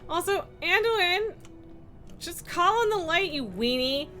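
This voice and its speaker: A woman's voice: very high voice, lively intonation, slow, pushed and bright, faint music behind. A woman streaming a game live, chatting casually, laughing often and swearing freely. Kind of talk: casual live gameplay commentary.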